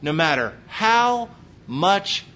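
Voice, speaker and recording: Taking it slowly in a sing-song, fairly bright voice, a pastor preaches an emphatic sermon packed with rhetorical questions. He comes from Pennsylvania but has a slight Texas accent, and a faint low rumble sits under the muffled recording.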